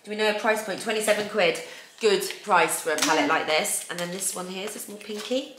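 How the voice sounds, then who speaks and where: A woman's voice: mid-range voice, a little fast. A woman in her thirties hosting a casual beauty unboxing, chatty and gushing over each product. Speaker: beauty vlogger host. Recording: echoey room with faint noise.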